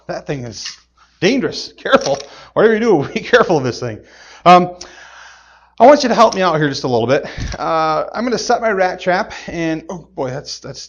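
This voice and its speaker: A man giving a playful, animated object lesson to children, exclaiming and laughing as he goes. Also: on the high side, muffled recording. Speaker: children's gospel magician.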